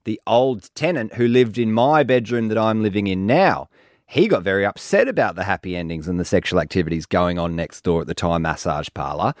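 A man's voice: low-pitched, a little fast, no room sound, studio quality. A man with an Australian accent hosting a radio show, telling a story animatedly and acting out the other people in it. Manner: animated storytelling with acted quotes. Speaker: radio host. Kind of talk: casual radio chat. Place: radio studio.

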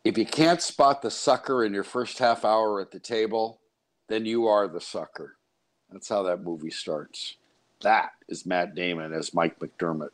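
A man's voice: on the low side, fairly even intonation, unhurried. A man hosting a radio talk show from a studio, speaking in chatty, digressive banter. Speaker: radio host.

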